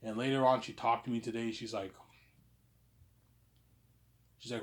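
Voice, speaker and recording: A man in his thirties rambling through a personal monologue, stammering and repeating himself, dropping to a mutter and then rising to loud outbursts. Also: flat delivery, moderate pace. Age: 30s. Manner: repetitive, stammering restarts, frequent "obviously"; swings between low muttering and loud outbursts. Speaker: vlogger.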